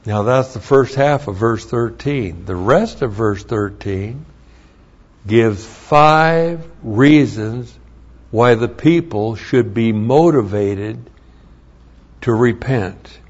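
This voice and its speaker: A man preaching an expository Bible sermon, teaching slowly and deliberately with emphatic rises. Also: mid-range voice, lively intonation. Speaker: pastor. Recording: dull lo-fi recording.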